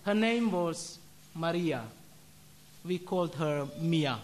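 A religious brother giving a solemn sermon, telling a story and ending in prayer with measured, deliberate delivery. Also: male voice, on the high side, animated, slight background noise.

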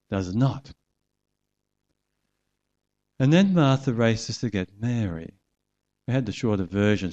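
A man's voice: fairly low pitch, a little mellow, muffled recording. A man preaching a sermon, earnestly retelling a scripture story and acting out its voices.

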